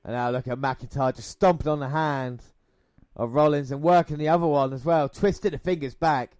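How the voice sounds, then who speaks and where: A man co-hosting a podcast, giving excitable play-by-play of a wrestling match with swearing and banter, close to the mic. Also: on the high side, a little fast, dry recording. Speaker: podcast co-host. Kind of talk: casual wrestling watch-along commentary.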